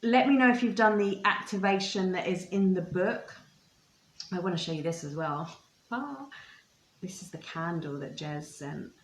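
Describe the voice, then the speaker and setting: Brief: woman, livestream card reader, gushing and spiritual, lowish voice, echoey room. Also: lively intonation, moderate pace. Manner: gushing, spiritual, talks to viewers by name. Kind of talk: live card unboxing and reading.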